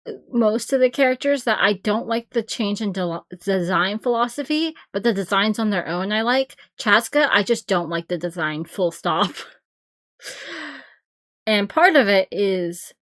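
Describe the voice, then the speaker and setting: Reacting to game trailers, this woman streamer is blunt and opinionated, rambling as she goes, frequently breaking into laughter and stopping herself mid-thought. Her pitch is medium, and the recording is dry.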